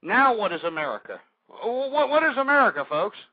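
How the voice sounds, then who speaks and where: An older man hosting a political talk radio show, ranting and swinging up into furious shouting, peppered with "folks" and "I mean". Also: very high-pitched, big pitch swings, fairly quick, no echo. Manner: repeats "folks" and "I mean" constantly. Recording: tinny, dry phone-like line.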